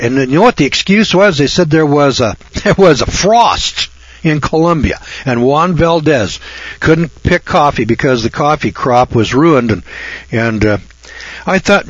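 A man's voice: a little high, lively intonation, normal speed, slightly rough, dry recording, dull audio. A man hosting a radio talk show, ranting in a folksy, sarcastic monologue that rambles and often restarts.

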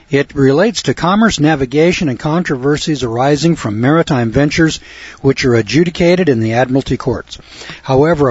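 A man's voice: medium pitch, husky, no room sound. Folksy lecturing man on lo-fi radio. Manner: folksy, sardonic, lecturing cadence. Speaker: radio law commentator. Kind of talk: lecture-style radio commentary with call-in promo.

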